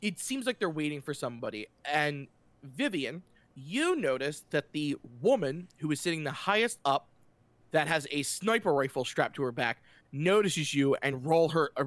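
A man with a slightly high voice runs a tabletop game, narrating the scene in a loose, chatty way. He talks in a relaxed, offhand manner, full of fillers and restarts as he fills in the details. The sound is dry and close, with no room echo. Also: normal speed. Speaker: game master.

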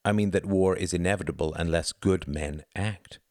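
A man doing a gentle, earnest German mentor. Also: deep voice, no room sound, clean studio sound, close to an everyday voice. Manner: measured and gentle.

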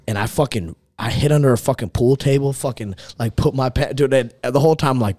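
A man's voice: mid-range voice, brisk, hardly any pauses, mellow, no room sound. A young man in casual chat, telling profane, rambling stories as a podcast co-host.

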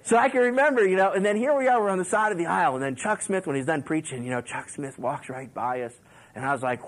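A man's voice: a little high, fast, low-quality recording. A male pastor giving a sermon on a Bible book. He talks conversationally, leans on "you know", and acts out quotes as he tells stories. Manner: animated storytelling, acts out quotes and laughs along.

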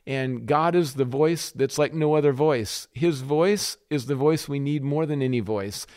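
A man's voice: mid-range voice, unhurried, a little mellow. A man hosting a faith podcast, preaching in an earnest sermon style with repeated rhetorical questions.

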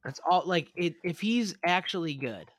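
A young man co-hosts a sports podcast, joking and swearing through casual banter. His voice is fairly high and swings widely in pitch. The sound is dry and close. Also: normal speed, dry recording. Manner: animated, joking, swears often, laughs a lot. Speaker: podcast co-host.

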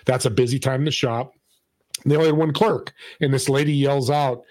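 A man of middle pitch tells stories in a relaxed podcast conversation, slipping into the voices of the people he quotes. His voice sits close and dry, with no room around it. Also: moderate pace, dry recording. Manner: animated storyteller acting out quoted voices. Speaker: podcast host and guest. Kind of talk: storytelling in casual conversation.

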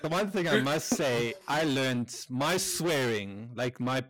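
A man's voice: medium pitch, slow. A man telling work stories in a casual podcast chat, swearing freely and laughing as he talks. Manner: animated storyteller, swears freely, laughs a lot. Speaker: podcast co-host.

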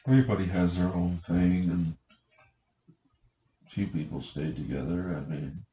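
Young dude with a really low voice, laid-back podcast chat, echoey. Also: male voice, fairly even intonation, measured pace, warm tone. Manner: laid-back, short reactions and swearing. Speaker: podcast co-host. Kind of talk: casual chat. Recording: echoey room with faint noise.

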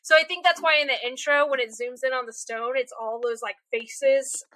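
Young woman, casual podcast chat, self-deprecating, very high pitch. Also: normal speed, no echo. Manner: animated, rambling, self-deprecating. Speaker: podcast co-host.

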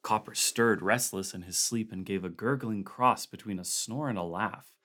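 A man narrating a story aloud in a calm, even storytelling voice. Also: lowish voice, normal speed. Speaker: audiobook reader.

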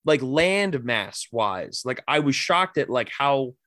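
A man's voice: medium pitch, sing-song, slow, fairly bright tone, no echo, clean studio sound. A man hosting a casual sports podcast, rambling and swearing loosely, with plenty of filler words. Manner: loose, profane, rambling with lots of "like". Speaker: podcast host.

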